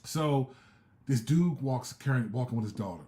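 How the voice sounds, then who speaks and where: Animated man telling a testimony story. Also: mid-range voice, normal speed. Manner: animated, conversational, with slang and asides. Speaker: preacher and live-stream host.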